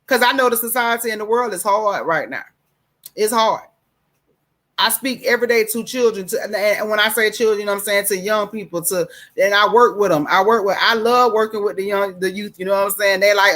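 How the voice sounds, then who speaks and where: Middle-aged lady host going off in a casual monologue, emphatic and preachy, mid-pitched voice. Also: fast, fairly bright tone. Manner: emphatic, preachy, calls listeners baby. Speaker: talk show host.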